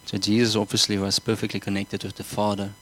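A man's voice: fairly low pitch, monotone, quick pace, fairly bright tone, low-quality recording. A man preaching a sermon, earnest, often repeating words and asking the congregation whether they follow. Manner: earnest, repeats himself, asks the congregation questions.

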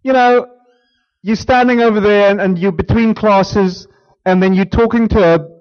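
A pastor delivers a sermon in a high, bright-edged voice, moving from emphatic declarations to soft, hushed near-whispers. The recording sounds dull and lo-fi. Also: male voice, moderate pace.

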